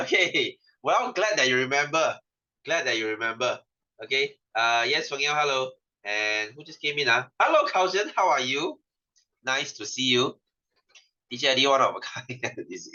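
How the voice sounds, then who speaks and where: A man's voice: medium pitch, sharp tone. A young man with a Malaysian English accent teaching an online science class, playful and teasing, laughing often. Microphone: webcam microphone. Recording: dull lo-fi webcam audio.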